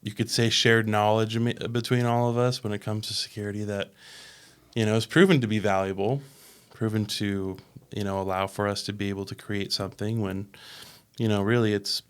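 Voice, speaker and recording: A man's voice: fairly low pitch, brisk, clean tone. A man co-hosting a podcast, chatting casually with lots of filler phrases. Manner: relaxed, many filler phrases. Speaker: podcast co-host. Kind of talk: casual chat.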